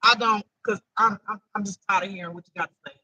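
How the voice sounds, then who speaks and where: A woman gives an off-the-cuff intuitive spiritual reading, leaning on emphasis and bursting into loud, laughing exclamations. Her tone is very bright and sharp. The recording is dry and close, with almost no room sound. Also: mid-range voice, steady tone, fast, breathy edge, dry recording, dull audio. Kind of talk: casual spiritual reading to camera.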